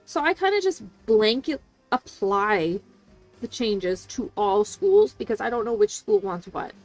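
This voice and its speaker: A woman's voice: medium pitch, sing-song, a little slow, darkish tone, soft background music. A woman who works as an assistant language teacher, venting about her workday in casual chat, swearing and acting out what others said. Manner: venting, swearing, quoting people in voices.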